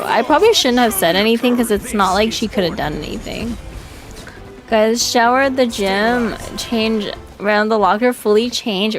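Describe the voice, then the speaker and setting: A woman streamer chatting casually on a livestream, telling crude stories with frequent giggles and lots of "like". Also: a little high. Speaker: vtuber streamer.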